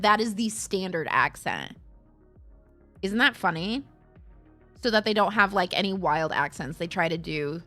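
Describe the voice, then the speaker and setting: A woman's voice: medium pitch, fairly bright tone. A young woman streamer from Minnesota with a slight Minnesota accent, chatting casually with viewers in a rambling, giggly way.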